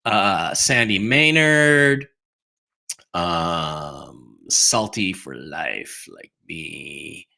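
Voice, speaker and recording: Bright-toned man chatting casually. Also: low-pitched, animated, extremely slow, gravelly. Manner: rambling, loose, with many fillers and asides. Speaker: host of an online news livestream. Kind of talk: casual livestream chat reading viewer comments.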